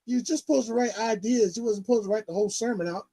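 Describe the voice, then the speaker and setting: A man's voice: high-pitched, quick pace, mellow, breathy edge, no room sound. A man instructing a class in casual chat, talking others through technical steps and repeating himself.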